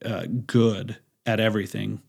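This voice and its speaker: Speaking a little slowly in a level, lowish voice with vocal fry and a slightly mellow quality, a business owner in his forties guests on a podcast. His casual interview talk wanders, loaded with fillers, restarts, and loose storytelling.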